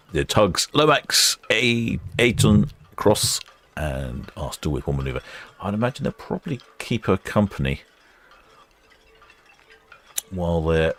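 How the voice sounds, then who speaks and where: Male live-stream host, extremely low voice, relaxed and rambling, talks to his viewers. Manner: chatty, rambling, self-correcting. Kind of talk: casual live commentary.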